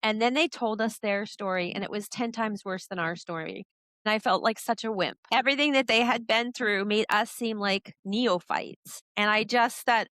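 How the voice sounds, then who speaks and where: Middle-aged woman guest, bright clear voice, dry close sound, lively storyteller. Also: medium pitch, normal speed, no echo. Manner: animated storyteller who acts out voices in quotes. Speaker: podcast guest. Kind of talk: storytelling in a casual interview.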